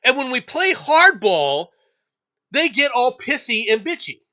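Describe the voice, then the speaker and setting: A man's voice: very high-pitched, big pitch swings, a little slow, bright, forceful tone. A man hosting an opinionated news commentary, ranting angrily with profanity and frequent stammered restarts. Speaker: show host. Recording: dull lo-fi audio.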